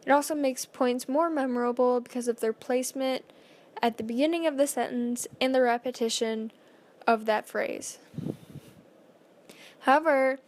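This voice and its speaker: Woman carefully reading a school presentation. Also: a little high. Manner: reads carefully with small slips and fillers.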